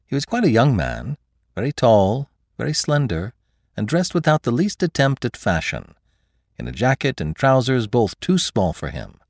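A male audiobook narrator reads a classic novel, telling the story in a measured, expressive way. His pitch is medium, and the recording is dry with clean studio sound.

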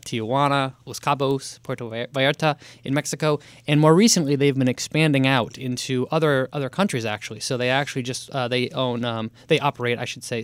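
A man co-hosting an investing podcast, explaining companies in a steady, matter-of-fact way. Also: mid-range voice, clear, resonant tone, dry recording, clean studio sound. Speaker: podcast co-host analyst. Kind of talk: casual investing podcast chat.

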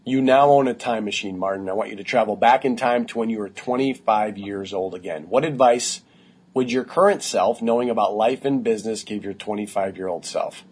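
A man's voice: on the low side, fairly quick, darkish tone, breathy edge. A man hosting a podcast interview, upbeat and encouraging as he sums up his guest's points. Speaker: podcast host.

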